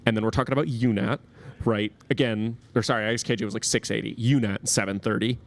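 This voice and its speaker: A man's voice: lowish voice, steady tone, fast. A man co-hosting a casual gaming talk show, speaking in long, analytical runs full of restarts and fillers. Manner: rambling, many restarts and fillers. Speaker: podcast co-host.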